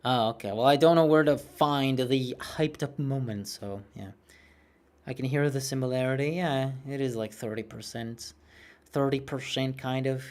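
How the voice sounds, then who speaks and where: A youthful-sounding man in his late twenties talks casually over his game stream, reads viewer messages, and rants with plenty of swearing. His mid-range voice moves at a moderate pace and is a little mellow.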